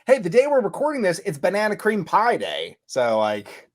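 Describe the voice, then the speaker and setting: A young man from Long Island co-hosting a casual podcast chat, animated and quick to laugh while telling stories. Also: high voice. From Long Island, New York. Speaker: podcast co-host. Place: home room.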